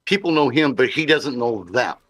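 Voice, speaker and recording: A man co-hosting a podcast, his pitch swinging widely as he chats about a show. He stammers into sentences and acts out quoted lines, close to the mic in a dry, dead room. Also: animated, moderate pace, a bit bright, dry recording. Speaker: podcast co-host. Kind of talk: casual chat about a show.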